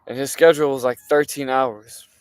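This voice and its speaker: A young man telling a story from his day in a casual, animated way, swearing and using lots of fillers. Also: mid-range voice, a little fast, clean tone, no room sound. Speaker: streamer.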